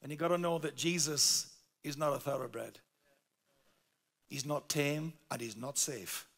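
A Yorkshire man delivers a sermon in a high, gravelly voice. His tone is bright and forceful, and he leans hard on key words as he tells a humorous story. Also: unhurried. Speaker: pastor.

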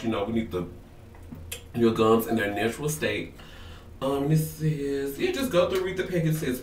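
A man's voice: medium pitch, a little hiss or hum. Nervous, chatty, sassy, man in his twenties, casual vlog, echoey bathroom. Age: 20s. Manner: nervous, chatty, sassy, says "girl" often. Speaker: vlogger. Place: home bathroom. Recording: roomy echo, slightly distant.

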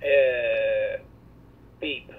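A man's voice: medium pitch, steady tone, drawn-out words, a little hiss or hum. A man voicing a small silly droid that beeps and pleads that it is trapped, played back through a toy's speaker. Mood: silly pleading. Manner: playful, mock beeping and whiny pleading. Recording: tinny audio from a small toy speaker.

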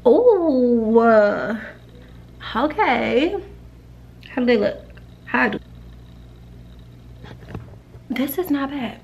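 A woman's voice: high-pitched, lively intonation, measured pace, vocal fry, muffled recording, a little hiss or hum. A chatty woman vlogging at an easy, loose pace, talking to her viewers like friends. Her voice sits in an ordinary middle range, with faint room ambience behind her. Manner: chatty, loose and playful, talks straight to viewers. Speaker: lash tech vlogger. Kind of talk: casual vlog chat.

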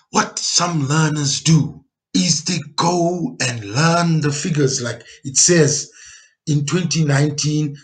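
A man teaching a geography lesson over slides. He checks in often with "okay" and "all right" and pushes key words out loudly. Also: fairly high pitch. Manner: stresses key words with sudden loud pushes.

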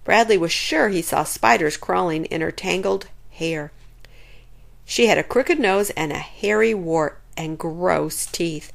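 A woman reading a children's chapter book aloud in an expressive, lively way. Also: fairly low pitch, a little slow, creaky. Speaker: storyteller.

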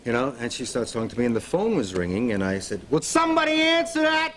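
A man in his forties from Brooklyn with a Brooklyn accent, a talk show guest telling animated stories and acting out lines. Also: mid-range voice, quick pace. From Brooklyn, New York. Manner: animated storytelling, acts out voices. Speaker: actor guest.

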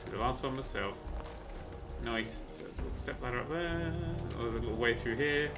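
A man casually commentating on his own gameplay, chatty and excitable, with sudden yelps and mock-boastful asides. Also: medium pitch, normal speed, music in the background. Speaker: let's play host.

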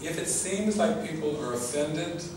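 A man's voice: a little high, lively intonation, measured pace. A man giving an informal spiritual talk as a teacher, earnest and often laughing, repeating his words. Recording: echoey, distant mic with background noise.

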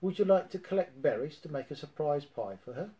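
A man reading a storybook, voicing a gentle, simple male bear who speaks slowly and softly. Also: on the high side, animated, natural voice. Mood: musing. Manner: slow, soft, musing.

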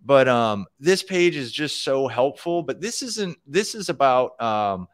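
A man's voice: medium pitch, very animated, a little slow, no echo, clean studio sound. A man co-hosting a casual live show about programming, talking loosely with many fillers and restarts. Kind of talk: casual live-stream chat.

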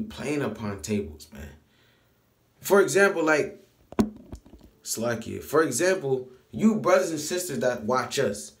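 A man preaching in a casual, emphatic way, repeating phrases for stress and reading verses slowly aloud. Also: fairly high pitch. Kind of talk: informal scripture teaching.

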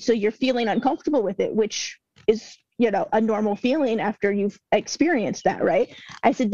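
A woman guest talks earnestly in a warm, mellow voice, her words flowing in a relaxed conversational way. The sound is dry and a little dull, like a lo-fi call recording. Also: medium pitch, dry recording. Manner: earnest, retells client dialogues. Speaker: herbalist guest. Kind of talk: casual interview talk.

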